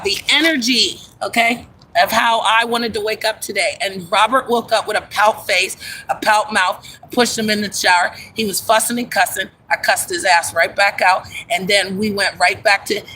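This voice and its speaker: Bright-voiced woman chatting on a livestream. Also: medium pitch, a little hiss or hum, rough recording. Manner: chatty, animated, greets viewers by name. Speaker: livestream host. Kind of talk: casual livestream chat. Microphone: phone.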